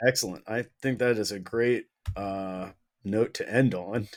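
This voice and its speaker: A man's voice: on the low side, a little slow. Casual, jokey podcast co-host man. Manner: casual, swears freely, jokey. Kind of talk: casual conversation.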